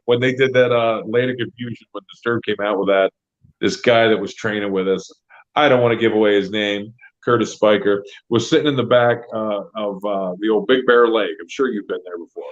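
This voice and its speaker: A man telling stories in casual podcast chat, animated and full of "like". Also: on the low side, a little fast. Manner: animated storyteller, heavy use of "like". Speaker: podcast guest, comedian and wrestling trainer. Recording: dull lo-fi sound.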